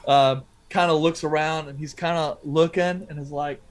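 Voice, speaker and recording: A man's voice: on the high side, steady tone, takes it slowly. A man narrating a tabletop game as game master, rambling and hesitant, with many fillers.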